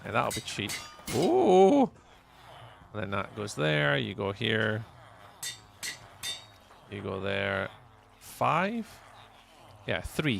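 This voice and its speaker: Slight background noise sits under this young Edinburgh-area Scot's lowish, gravelly, fairly bright voice. Livestreaming a game, he chats casually, reads chat out loud and keeps repeating phrases.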